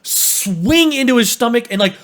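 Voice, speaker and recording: A young man co-hosting a casual podcast, telling stories in an animated way and swearing freely. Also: very high voice, moderate pace. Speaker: podcast co-host.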